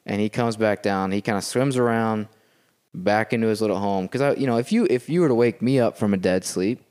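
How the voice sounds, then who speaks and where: A man's voice: lowish voice, a little fast. A man guest on a podcast, telling a story in casual chat and checking in with his listeners as he goes. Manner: animated storyteller who keeps checking in with "okay?". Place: a house.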